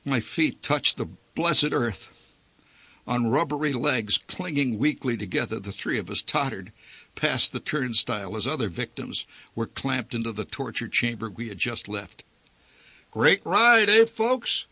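Theatrical male storyteller with a bright voice. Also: medium pitch, normal speed, gravelly, husky, no room sound. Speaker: narrator. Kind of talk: dramatic story reading.

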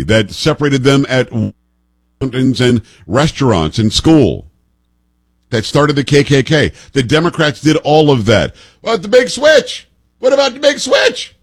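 A man's voice: mid-range voice, breathy edge, no echo. A man in his fifties hosting political commentary, emphatic and sarcastic, firing off pointed rhetorical questions. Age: 50s.

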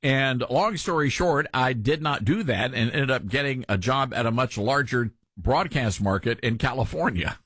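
A man's voice: mid-range voice, lively intonation, normal speed, few pauses, a bit bright, slightly rough, dry recording, clean studio sound. A man from Tennessee with a mild Southern accent, hosting a talk radio show in a folksy, opinionated way.

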